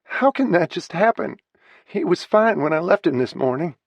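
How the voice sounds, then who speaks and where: A man's voice: mid-range voice, lively intonation, fairly quick, no room sound, voice pushed up, lightly acted. A male audiobook reader voicing a grief-stricken woman in her forties, distraught with a breaking voice. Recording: slightly muffled dry recording.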